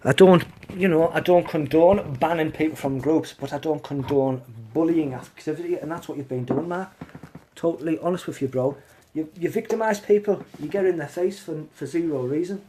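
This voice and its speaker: A man's voice: fairly high pitch, moderate pace, dark tone. A man hosting a casual live stream from his phone, talking bluntly and swearing as he calls someone out.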